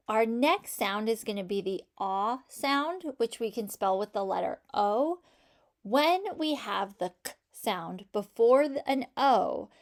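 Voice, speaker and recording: A woman teaching a phonics lesson to children, patiently sounding out each sound in a word and praising answers. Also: a little high.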